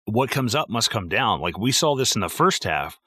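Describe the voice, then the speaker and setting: Bright-voiced profane podcast guy. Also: lowish voice, moderate pace, slightly rough, no echo, studio quality. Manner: profane, animated, acts out film quotes. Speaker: podcast co-host. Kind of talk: casual movie discussion.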